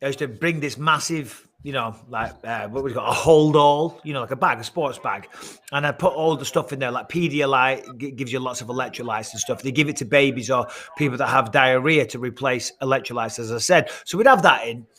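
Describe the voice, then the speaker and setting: Male analyst from Britain, mock-pompous ribbing, sharp bright tone, remote video link. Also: medium pitch, brisk. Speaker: fight analyst. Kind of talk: teasing studio banter and fight analysis. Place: remote studio at home. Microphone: video call.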